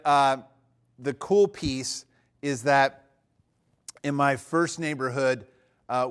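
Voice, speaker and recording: A man with a somewhat raised speaking pitch delivers a church teaching talk, relaxed and conversational. He fills pauses with "uh" and restarts his sentences. His stories come out animated and friendly. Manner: conversational, frequent "uh" fillers and restarts; animated storyteller.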